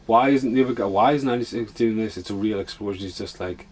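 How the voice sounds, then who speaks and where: A man's voice: fairly low pitch, quick pace, darkish tone, husky. A man casually chatting and swearing his way through a film commentary for his podcast. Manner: swears a lot, chatty and offhand.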